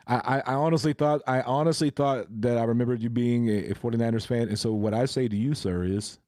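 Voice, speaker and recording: A man's voice: mid-range voice, quick pace, mellow, no room sound, studio quality. A man hosting a casual live stream, laughing often as he greets and answers his chat. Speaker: crypto live-stream host.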